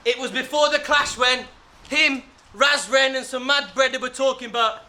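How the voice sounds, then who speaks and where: A man spitting a verse in a live rap battle, shouting punchlines and laughing through his bars. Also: very high voice, normal speed, a little hiss or hum. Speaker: battle rapper. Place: battle venue before a live crowd.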